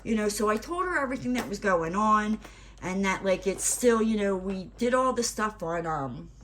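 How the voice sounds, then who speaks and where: A woman's voice: medium pitch, lively intonation, normal speed, a bit bright, a little hiss or hum. A woman craft vlogger telling a story in a casual, rambling chat, full of "like" and "you know" fillers.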